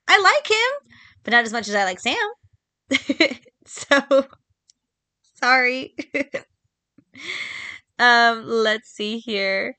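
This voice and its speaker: A woman's voice: medium pitch, sharp tone, no echo. A woman hosting a casual book podcast, talking chattily and emphatically, repeating points for stress with lots of ums and little laughs. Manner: quick laughs between points. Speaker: podcast host. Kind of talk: casual solo book chat.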